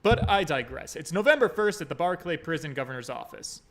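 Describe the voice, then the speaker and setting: A man's voice: on the high side, expressive, fairly quick. A man streaming a story game, commenting casually in a crude, joking way.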